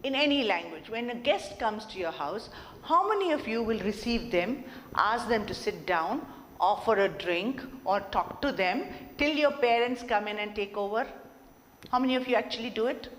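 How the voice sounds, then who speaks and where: A woman lecturing college students on speaking skills, her fairly high voice rising and falling a lot. She keeps asking the class questions and acts out different tones to show her point. The sound carries a long hall reverb. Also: normal speed, a little hiss or hum. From India. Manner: lively, asks the class questions and demonstrates tone changes. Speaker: communication skills trainer.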